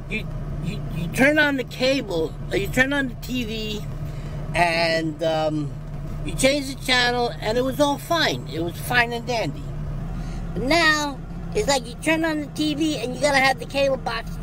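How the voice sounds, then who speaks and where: An older man hosting a comedic vlog, grumbling and complaining in an exasperated way from inside a car. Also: very high-pitched. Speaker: vlog co-host. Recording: car and traffic noise behind.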